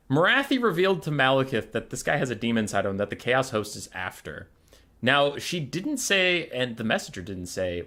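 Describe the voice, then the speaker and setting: Streaming to his chat, a man with a medium-pitched voice casually retells a story. He's animated and exasperated, swearing freely as he goes.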